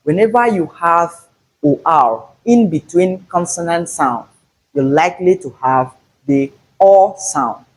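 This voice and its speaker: Male English teacher, husky tone, measured drilling pace for a pronunciation lesson. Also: a little high, low-quality recording. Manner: slow, deliberate, repeats example words with stress. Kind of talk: phonetics lesson.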